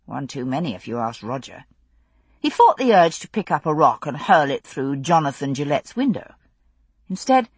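A woman narrating a novel in an expressive storytelling way on a close studio mic. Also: deep voice, slightly rough, dry recording. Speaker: audiobook narrator.

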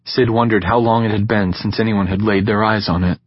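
A man narrating an audiobook in a calm, measured reading style. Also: on the low side, slightly rough, lo-fi sound. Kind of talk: scripted narration.

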